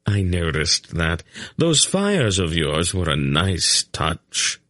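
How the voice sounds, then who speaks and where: A sly, smug spy and trader, as a man puts him on delivers every line with breezy, urbane ease. His voice is deep and the recording close and dry. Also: very animated, slow, bright, forceful tone, no echo, full character voice. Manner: urbane, breezy, dryly witty.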